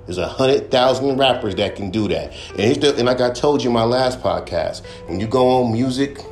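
In an echoey room where music plays faintly, a young rapper on his podcast delivers a profane, casual rant, cursing nonstop and ridiculing the people who criticize him. His medium-pitched voice is expressive and slightly dark, moving at a normal speed.

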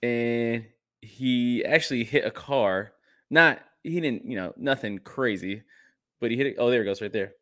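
A man's voice: mid-range voice, normal speed, a bit bright. A young man co-hosting a podcast in casual banter, joking, rambling through asides and laughing often. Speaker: podcast co-host. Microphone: desk mic, sharing screen.

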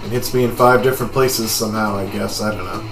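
A man's voice: fairly low pitch, fairly even intonation, quick pace. A man casually narrating a video game playthrough, self-mocking about his character voices. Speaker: let's play commentator. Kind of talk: game playthrough commentary with voice acting. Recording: roomy echo, game music behind.

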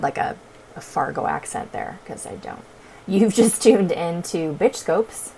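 A woman's voice: sits low, a little mellow, a little hiss or hum, low-quality recording. A woman hosting her own astrology podcast, chatting casually in a sassy, profane way. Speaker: podcast host. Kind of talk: casual chat.

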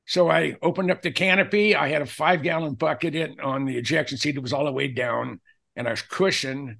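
Gravelly older man spinning anecdotes. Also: fairly high pitch, brisk. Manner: animated storyteller who acts out quoted dialogue. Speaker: guest. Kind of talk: telling personal anecdotes in a podcast interview.

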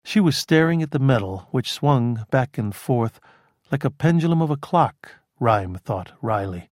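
This is scripted audiobook narration of a crime novel, delivered by a man with a mid-range voice in an even, measured manner. The studio sound is clean, with no audible room.

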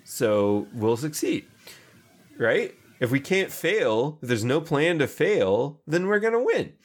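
A man's voice: a little high, sing-song, takes it slowly. A man casually recapping an anime episode, acting out the characters' lines and swearing freely. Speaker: podcast co-host recapping an anime. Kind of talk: casual chat.

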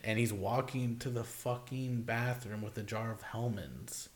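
A man's voice: fairly low pitch, measured pace. A young man co-hosting a podcast in casual chat, rambling and swearing freely with lots of "like". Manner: rambling, swears a lot, leans on "like". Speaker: podcast co-host.

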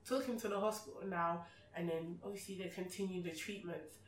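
A woman, a podcast guest telling a personal story in an outspoken, animated way. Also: on the low side, fairly quick. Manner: outspoken, animated, acts out remembered exchanges. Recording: roomy sound from a distant mic.

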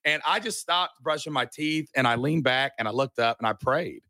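A middle-aged man telling a personal story in a casual chat, animated and earnest, with a folksy way of talking. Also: mid-range voice, normal speed, no echo, clean studio sound. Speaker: podcast guest.

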